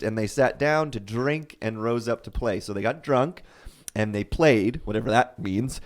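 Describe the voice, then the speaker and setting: A man co-hosting a church podcast in casual chat, retelling scripture stories with lively acted quotes and frequent laughs. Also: medium pitch, normal speed. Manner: animated, acts out quotes, laughs often. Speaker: podcast co-host.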